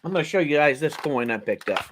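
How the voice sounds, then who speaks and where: A man's voice: on the high side, quick pace, background noise. A man hosting a casual charity auction video, chatty and exclaiming as he shows coins to viewers. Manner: animated, chatty, exclaims and jokes aloud. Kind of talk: casual show-and-tell video.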